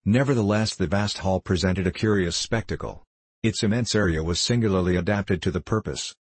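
A man narrating a classic novel in a steady, measured reading. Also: low-pitched, slightly rough, dry recording. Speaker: audiobook narrator. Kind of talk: scripted narration.

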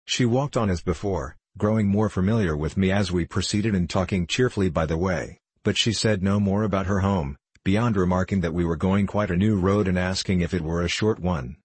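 A man narrating a classic novel in a measured, unhurried storytelling manner. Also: low-pitched, a little mellow, husky, no echo.

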